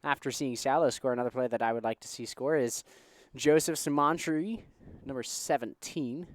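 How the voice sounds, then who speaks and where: A man co-commentating a school rugby match from a booth, relaxed with dry humor. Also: mid-range voice, normal speed. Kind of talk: amateur sports commentary.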